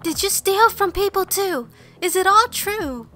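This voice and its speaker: A woman voicing excited young female fans questioning a celebrity in a video game. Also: extremely high pitch, measured pace, pitched above the performer's own voice, full character voice. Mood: eager.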